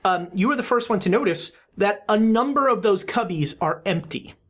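A woman's voice: mid-range voice, animated, normal speed, slightly rough. A woman narrating as game master for a tabletop horror game, talking in a chatty way with fillers and restarts.

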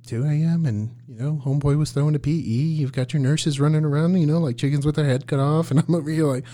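A man's voice: fairly high pitch, fairly even intonation, quick pace, mellow. Talkative male paramedic telling stories. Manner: laughs often, acts out his own past lines in a raised voice. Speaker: paramedic guest. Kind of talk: casual storytelling chat.

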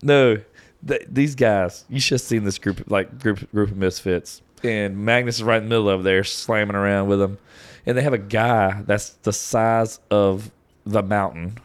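A man of about forty co-hosting a podcast, animated and often laughing as he tells a story in casual chat. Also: on the low side, moderate pace. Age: 40s. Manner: animated, laughs while telling stories. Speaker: podcast co-host.

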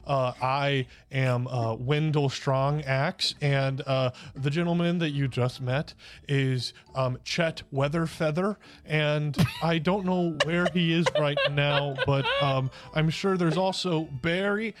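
A man's voice: a little high, steady tone, slow pace. A man voicing a shy, nerdy male half-orc who stammers and apologizes, in a tabletop game. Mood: awkward.

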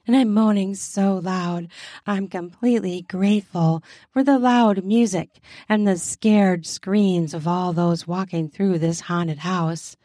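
Slow, low-voiced woman narrating. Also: fairly even intonation, dark tone, no room sound, clean studio sound. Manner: breathy moaning asides. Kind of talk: sensual first-person story narration.

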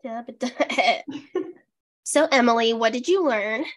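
A woman's voice: on the high side, a little slow. A young woman co-hosting a podcast in casual chat, wry and sarcastic, swearing casually. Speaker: podcast co-host.

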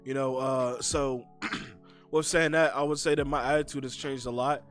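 A man's voice: medium pitch, fairly even intonation, normal speed, a bit bright, soft background music. Rambling laid-back male podcast co-host. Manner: laid-back, rambling with many fillers, swears freely. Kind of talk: casual podcast chat.

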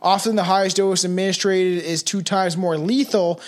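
A Canadian man with a notably high voice hosts a podcast in loose, rambling talk. He swears freely, cracks dark jokes and reads out facts between tangents. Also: steady tone, moderate pace. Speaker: podcast host. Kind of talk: casual podcast chat, reading notes.

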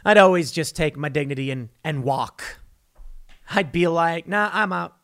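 Male podcast host, fiery opinion rant, sarcastic, slightly higher voice. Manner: heated, sarcastic, mocking quoted voices; rushes through read-out news text. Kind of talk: opinionated commentary monologue.

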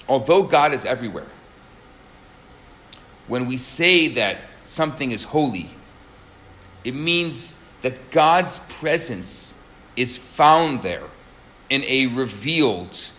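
A man giving an earnest religious talk, telling stories and stressing key words by slowing down and raising his voice. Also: lively intonation, sharp tone. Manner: earnest, emphatic, varies pitch and pace for stress. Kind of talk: sermon with storytelling.

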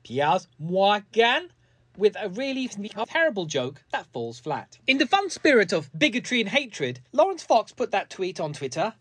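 A man's voice: sits high, sing-song, unhurried, a bit bright, breathy edge, no echo. A man giving a sarcastic, mocking comedic commentary.

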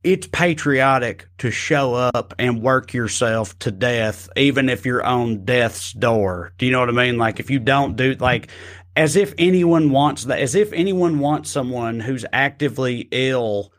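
A man's voice: mid-range voice, unhurried, fairly bright tone. A man co-hosting a podcast, chatting casually in a wry, profane, joking way. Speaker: podcast co-host. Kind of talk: casual chat.

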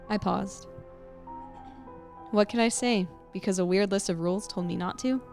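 A woman podcast host reading a creepy story aloud with expressive, suspenseful storytelling. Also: medium pitch, moderate pace, creaky, long pauses, faint music behind.

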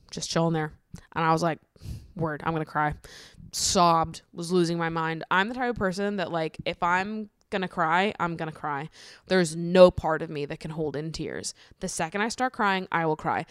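A woman's voice: on the low side, clean tone, no echo, studio quality. A young woman hosting a podcast, talking candidly in a rambling, casual monologue and swearing freely. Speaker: podcast host.

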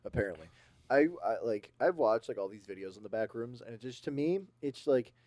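A man co-hosting a casual podcast, telling scary stories in an animated way and acting out sounds and voices. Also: mid-range voice, brisk, dry recording. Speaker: podcast co-host. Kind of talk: casual chat.

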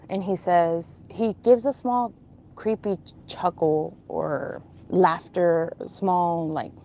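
A woman casually recounting a strange dream, pausing often and restarting as she searches for words. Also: fairly low pitch, steady tone, darkish tone, lo-fi sound. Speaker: storyteller.

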